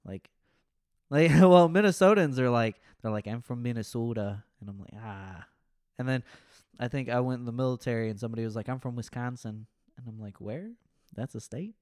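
A man chats on a podcast in a mid-pitched voice, cracking jokes and putting on quick voices when he retells a scene. The sound is close and dry, with no room around it. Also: a little mellow, clean tone, dry recording. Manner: jokey, acts out other people's lines in quoted voices. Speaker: podcast co-host. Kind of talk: casual podcast chat.

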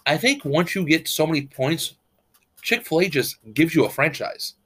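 A man's voice: fairly high pitch, expressive, moderate pace, a bit bright, slightly rough. A man hosting a casual family podcast chat, rambling and stumbling over his words as he teases the others. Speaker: podcast host.

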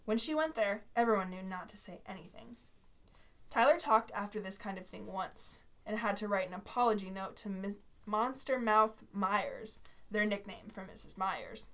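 A woman's voice: mid-range voice, animated, moderate pace, a bit bright. A woman co-host reading a story aloud, breaking off with giggly asides and corrections.

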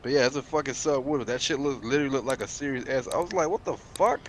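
A young man in casual, profane group voice chat about gaming, telling animated stories and acting out quotes. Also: mid-range voice, very fast, a little hiss or hum. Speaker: gamer chatting in a group voice chat.

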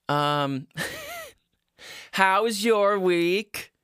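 A man's voice: a little high, sing-song, takes it slowly, fairly bright tone, smooth, no echo, clean studio sound. A young man in his twenties hosting a casual podcast from a small home room, upbeat and self-mocking. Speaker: podcast host. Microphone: studio mic.

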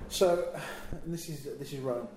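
A wrestler from England tells a long road story from his travels in a relaxed chat, animatedly acting out what people said. His voice is mid-range at a normal speed, recorded in an echoey room with faint ambient noise.

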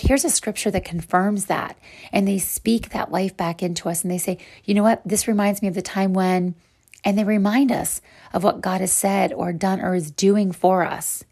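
A woman's voice: medium pitch, a little mellow, breathy edge. A woman hosting a podcast and teaching a Bible devotional, speaking in an earnest, encouraging way to her listeners as sisters.

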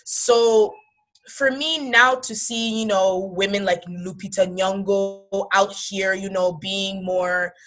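A woman's voice: medium pitch, steady tone, slow pace, fairly bright tone, soft background music, rough recording. Woman chatting candidly, midrange voice, lots of likes and you knows. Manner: candid, conversational, many fillers. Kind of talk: casual discussion.

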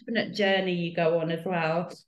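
A woman's voice: on the low side, steady tone, a little fast. A woman in her thirties from the UK talks openly on a podcast. She is self-deprecating and often laughs at herself. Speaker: podcast guest. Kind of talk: casual chat.

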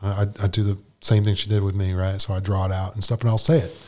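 A man's voice: low voice, flat delivery, quick pace, a little mellow. A man sharing his personal recovery story at a meeting in a casual storytelling way, acting out the conversations he retells. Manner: casual storyteller who acts out dialogue with "I'm like" and "she's like".

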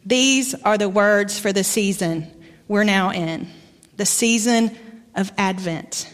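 A middle-aged woman with an Arkansas accent, giving a sermon as a guest preacher, in a conversational storytelling manner. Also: medium pitch. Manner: warm, conversational storytelling with pauses. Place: church sanctuary. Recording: long church reverb.

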